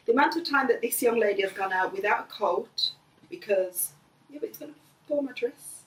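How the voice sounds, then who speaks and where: Middle-aged woman, earnest, gentle motherly talk, roomy echo, a little off-mic. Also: fairly high pitch, a little fast, recorded from a distance. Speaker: mother of the host. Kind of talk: casual family conversation. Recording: echoey room, voice a bit off-mic.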